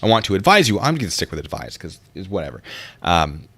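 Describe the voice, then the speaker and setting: A man's voice: sits low, sing-song, fast, sharp tone, breathy edge. A man hosting a casual livestream, rambling and easily distracted as he reads out and answers chat comments.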